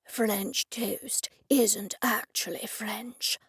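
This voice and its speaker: A woman voicing a fussy, haughty gentleman who talks in a pompous stage whisper. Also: a little high, unhurried, vocal fry, slightly rough, no room sound, studio quality, full character voice. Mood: conspiratorial.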